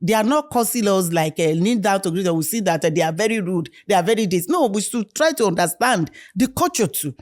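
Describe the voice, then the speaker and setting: A woman's voice: medium pitch, a little fast, hardly any pauses. A middle-aged woman from Africa, in candid conversation, telling stories and acting out family dialogue. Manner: animated storytelling, acts out dialogue. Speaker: guest.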